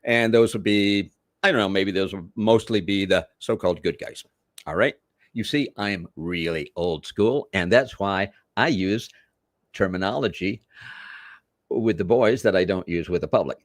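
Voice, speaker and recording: Here a deep-voiced older man speaks at a normal pace, captured in studio quality with no echo. He's a veteran wrestler guesting on a podcast, spinning rambling, theatrical stories the old-school way.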